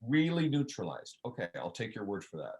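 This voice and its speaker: A man's voice: on the low side, big pitch swings, brisk, darkish tone. A man in his forties with a Canadian accent, talking bluntly and animatedly as a guest in a casual podcast conversation. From Newfoundland, Canada. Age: 40s. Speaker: podcast guest, personal trainer.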